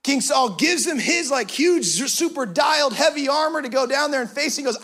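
A man preaching a lively sermon in very casual, slangy language. His voice sits unusually high for a man. He builds into loud, emphatic shouts to drive his points home. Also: normal speed. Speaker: pastor.

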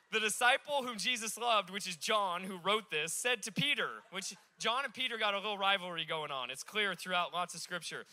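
A man preaching from a stage, with a high, very bright voice and an animated, joking delivery. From Alaska. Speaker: pastor. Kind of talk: sermon.

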